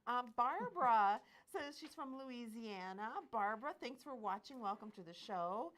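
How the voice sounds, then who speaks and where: A woman's voice: fairly high pitch, a little slow. Bubbly woman shopping host. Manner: bubbly, laughs often, lively sales patter. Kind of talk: live shopping-stream chat.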